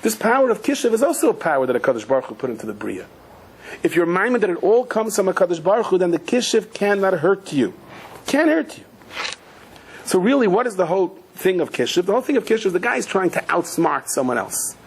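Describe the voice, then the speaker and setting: A husky-voiced middle-aged man teaches a Torah class as a rabbi, in his speech and fond of stories. He leaps up into high, animated voices when he quotes people and drops in Yiddish and Hebrew words. His voice sits somewhat high for a man. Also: fast. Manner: animated storyteller, acts out quoted voices with sudden high pitch; mixes Yiddish and Hebrew terms, light humor.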